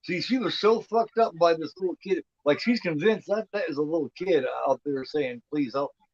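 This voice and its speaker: A man in his fifties with a fairly high pitch and a darkish tone hosts a casual movie commentary at a moderate pace. Rambling and repetitive, he keeps saying "you know what I mean," and the audio is dull and lo-fi without echo.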